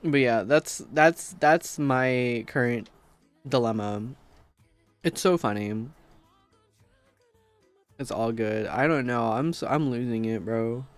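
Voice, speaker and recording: A man's voice: medium pitch, slow, long pauses, clear, resonant tone, soft background music. A man streaming casually, tired, rambling and swearing while he talks about games and his code. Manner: rambling, swears, laughs a lot.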